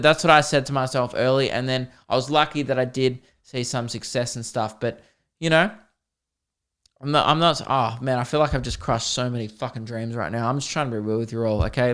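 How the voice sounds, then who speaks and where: A man's voice: medium pitch, steady tone, fairly quick, fairly bright tone, clean tone. A man in his twenties with an Australian accent, hosting a solo comedy podcast in a sweary, rambling, self-deprecating way.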